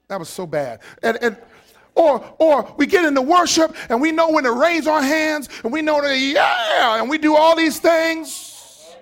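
A man preaching a sermon, animated and acting out voices, rising to shouted peaks. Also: very high-pitched, a little slow. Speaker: pastor.

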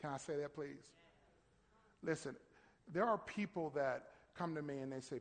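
A male pastor preaching a sermon in church, driving his points with rising, shouted emphasis and call-and-response. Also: on the high side, normal speed, long pauses. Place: church sanctuary. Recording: long hall reverb.

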